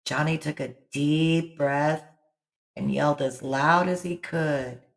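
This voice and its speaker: A woman hosting her channel and reading a bedtime story aloud in a slow, expressive way. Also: sits low, gravelly. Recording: roomy echo.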